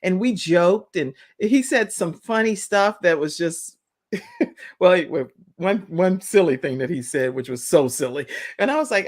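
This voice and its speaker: A woman talk show host telling a personal story in an animated, expressive way. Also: lowish voice, normal speed.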